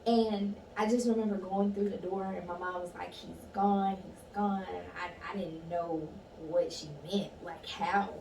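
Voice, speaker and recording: Woman guest, gravelly low-ish voice, candid storyteller, echoey room with noise, distant mic. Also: steady tone, normal speed, hardly any pauses, a little mellow. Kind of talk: casual conversation, personal story.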